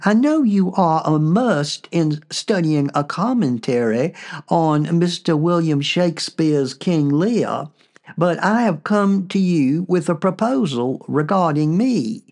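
A man voicing the courtly, soft-spoken ghost of a 19th-century male poet, with a Southern drawl. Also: on the high side, lively intonation, slow pace. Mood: formal.

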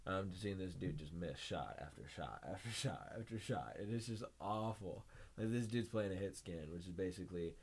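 Laughing, animated young man telling a story. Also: low-pitched, moderate pace, slightly rough. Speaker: podcast guest. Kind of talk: casual chat.

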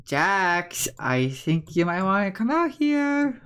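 A woman voicing a kindly male Pokémon trainer who talks gently, stammering and halting. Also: mid-range voice, big pitch swings, clean tone, pitched above the performer's own voice. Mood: tender.

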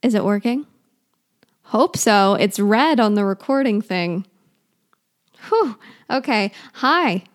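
A woman's voice: mid-range voice, expressive, slow pace, pauses often. A woman in her twenties hosts her own podcast, talking alone in a loose, chatty way. She rambles, pokes fun at herself and restarts her sentences as she goes. It sounds like a casual recording made at home. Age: 20s. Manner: chatty, rambling, self-deprecating, restarts often. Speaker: podcast host. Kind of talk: casual solo podcast chat.

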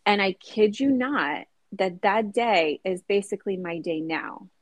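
A woman's voice: medium pitch, expressive, a little slow, dry recording. Chatty woman with a dry sound. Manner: chatty, frequent fillers like "like" and "you know". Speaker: guest. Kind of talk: casual conversational interview.

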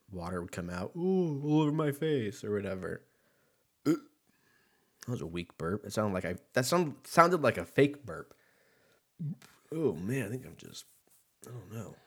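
A man's voice: lowish voice, animated, moderate pace, pauses often, fairly bright tone. A man hosting his own podcast in a casual, rambling way, swearing freely and laughing at his own jokes. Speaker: podcast host. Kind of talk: casual solo podcast chat.

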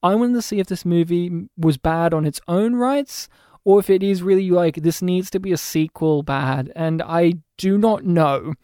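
A man co-hosting a casual film podcast, talking in an animated, rambling way with frequent restarts. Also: sits high, moderate pace, smooth, no room sound, clean studio sound. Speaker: podcast co-host. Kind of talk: casual movie discussion.

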